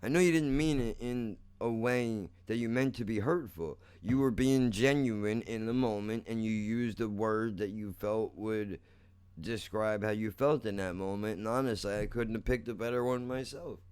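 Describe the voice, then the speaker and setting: A man's voice: fairly low pitch, normal speed, darkish tone, clean tone. A young man hosting a casual solo podcast, rambling and self-mocking, swearing often and calling the listener "dude.". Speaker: podcast host.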